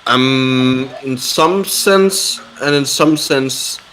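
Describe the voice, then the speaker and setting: Man chatting haltingly. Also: mid-range voice, a bit bright, a little hiss or hum, low-quality recording. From Denmark. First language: Danish. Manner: halting, with many fillers and restarts. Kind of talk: casual chat on a live stream.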